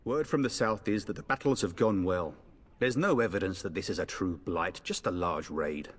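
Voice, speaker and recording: A man's voice: low-pitched, normal speed, big-room sound. A man voicing a cocky young noble warrior with a breezy, joking manner. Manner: jokey, breezy bravado.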